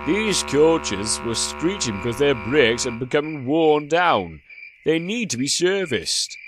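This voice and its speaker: A stern older railway boss lays down the law in a firm, measured tone, as a man puts him on. The storybook figure speaks with plain authority. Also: a little high, sing-song, noisy background, voice pushed up.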